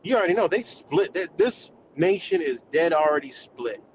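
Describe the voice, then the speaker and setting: A man's voice: on the high side, animated, moderate pace, a little hiss or hum, rough recording. A man from the United States on a live stream, delivering a heated, profane, rambling rant.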